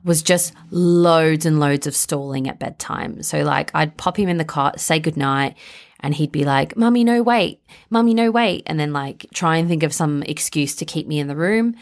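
A woman's voice: deep voice, normal speed. A young woman hosting a parenting podcast, talking casually and chattily with lots of "like" and "um". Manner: chatty, filler-heavy, with frequent "like" and "um". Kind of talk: casual solo podcast chat.

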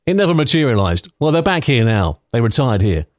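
A man's voice: mid-range voice, very animated, fairly quick, no echo, studio quality. A man in his fifties from London hosting a podcast, telling personal stories in a chatty, nostalgic way. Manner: chatty, nostalgic, anecdotal with light laughs. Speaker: podcast host.

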